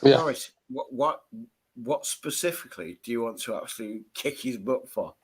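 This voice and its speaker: Blunt man with a lively voice. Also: mid-range voice, normal speed, husky. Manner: blunt, interjecting, swearing. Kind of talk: casual banter on a live stream.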